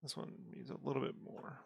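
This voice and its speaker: A man artist quietly thinking aloud while painting, casual and relaxed. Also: medium pitch, vocal fry, slightly rough, no room sound, studio quality.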